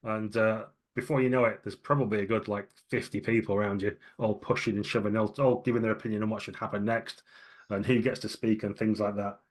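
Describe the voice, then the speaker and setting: Brief: male game master, lowish voice, animated scene narration. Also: fairly quick.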